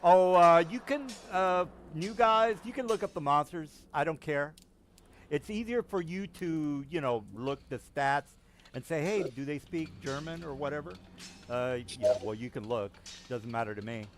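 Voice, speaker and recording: A man's voice: a little high, measured pace, slight background noise. A man narrating as game master, casual and profane with lots of fillers.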